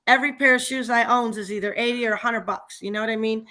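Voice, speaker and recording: A woman's voice: a little high, steady tone, quick pace, bright, forceful tone. A woman chatting casually on a livestream, venting animatedly and laughing often as she tells a story. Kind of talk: casual chat.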